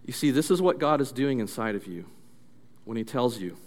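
A male pastor giving an interactive sermon through animated storytelling, leading the audience in call-and-response drills. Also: mid-range voice, a little fast. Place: church. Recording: long church reverb.

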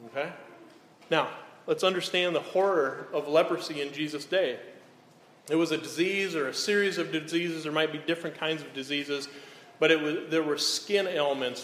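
A man's voice: on the high side, moderate pace, a bit bright. Preaching man in an echoey hall. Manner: earnest, repeats "okay?" to check in. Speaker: pastor. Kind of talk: sermon. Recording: echoey hall, faint room noise.

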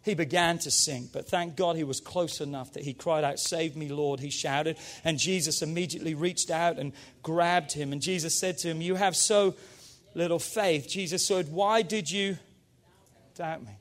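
A man preaching a sermon as pastor, energetic and emphatic, urging his congregation on. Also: a little high, normal speed.

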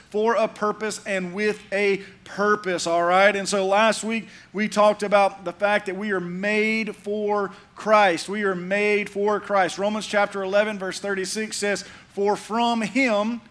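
A man with a high voice preaches a sermon. He talks emphatically, repeats his key lines and calls on the congregation to answer back. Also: fairly bright tone. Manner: emphatic preaching with repetition and audience call-outs. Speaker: pastor.

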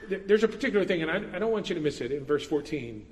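A man's voice: on the high side, animated, very fast. Earnest man preaching in a reverberant hall. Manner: earnest, emphatic preaching with repetitions. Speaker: pastor. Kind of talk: sermon.

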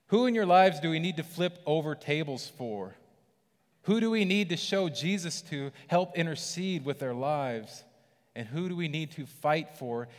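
A man gives a relaxed, conversational sermon with a fairly high voice, slipping into lively character voices as he retells scripture. His words ring out with a long reverb, as in a church hall. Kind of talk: casual sermon.

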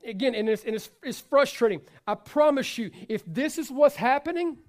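A man's voice: very high voice, expressive, normal speed, hardly any pauses. A man preaching a sermon to his congregation, talking in a loose, conversational way with frequent repetitions and asides. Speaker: pastor.

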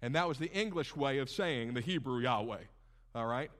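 A man preaching a sermon in a conversational, animated way with casual asides. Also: mid-range voice, moderate pace. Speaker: pastor.

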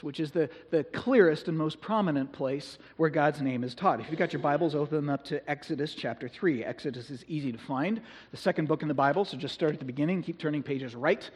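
An earnest male pastor preaches in a conversational way and slows down to stress his points. His voice sits a little high for a man. It rings with the long reverb of a large hall. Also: a bit bright, husky. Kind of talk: sermon.

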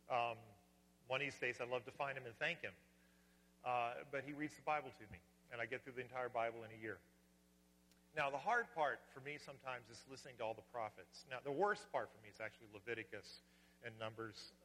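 A man's voice: mid-range voice, pushed and bright, slight background noise. A man preaching a sermon as pastor, earnest and at times fervent. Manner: earnest, rising to fervent wonder. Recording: long hall reverb.

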